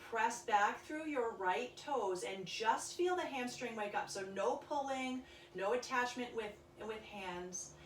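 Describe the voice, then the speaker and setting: A woman leading a yoga class, giving calm, soft-spoken cues through breathing and stretches. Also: fairly high pitch, a little slow, slight background noise. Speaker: yoga instructor. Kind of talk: guided yoga class instruction. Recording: echoey room, voice from a distance.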